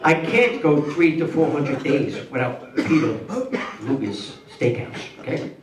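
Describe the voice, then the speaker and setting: An older man performing a stand-up routine, telling an animated story and drawing out slow, savoring passages. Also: medium pitch, a crowd in the background. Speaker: stand-up comedian. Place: comedy club stage. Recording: roomy club sound from a distance, loud audience. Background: audience laughter.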